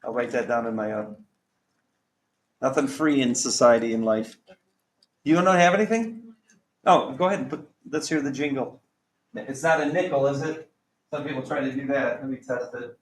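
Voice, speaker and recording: A man's voice: mid-range voice, normal speed, slight background noise. A male math teacher talking a class through calculator work, chatty and joking, with exasperated asides. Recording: echoey classroom with faint background ambience.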